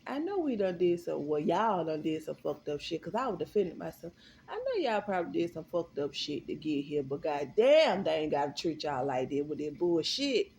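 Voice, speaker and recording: Animated, swearing woman telling a story. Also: sits low, moderate pace, vocal fry, slight background noise. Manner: animated, profane and emphatic. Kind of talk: storytime vlog.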